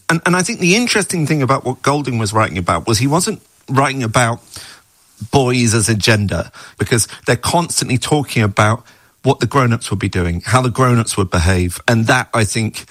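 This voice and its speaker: A man's voice: medium pitch, fairly bright tone, dry recording. A middle-aged man, a screenwriter being interviewed, talking in a thoughtful, musing way. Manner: thoughtful, musing, with small laughs. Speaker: guest, screenwriter of the adaptation. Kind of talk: reflective interview talk.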